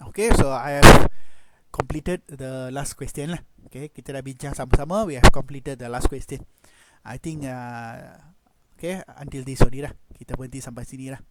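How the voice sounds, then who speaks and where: Delivering an online math class, this man talks a little fast in a mid-range voice with a Malaysian accent. Frequent "okay" and "lah" punctuate his mix of English and Malay, while clicks and loud background noise fill the recording.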